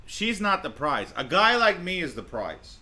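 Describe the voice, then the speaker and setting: A man's voice: high voice, very animated, unhurried, sharp tone. A man doing crude reaction commentary on clips, boastful and blunt, swearing freely.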